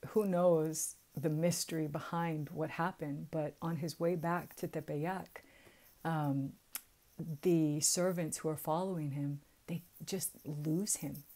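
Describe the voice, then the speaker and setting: A woman with a Southern US accent casually retelling a sacred story, chatty and quick to laugh at her own jokes. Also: sits low, fairly even intonation, warm tone. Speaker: spiritual storyteller.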